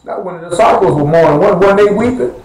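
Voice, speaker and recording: A man's voice: high voice, fast talker, darkish tone, echoey room, low-quality recording. A man preaching a sermon to his congregation in a blunt, conversational way, questioning the listeners directly. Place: church assembly hall.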